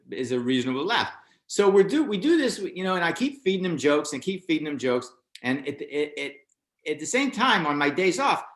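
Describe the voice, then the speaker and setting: With a roomy echo around him, an older American man recalls the start of his stand-up career in a laid-back interview. His storytelling is lively, and his pitch shoots upward each time he quotes another person.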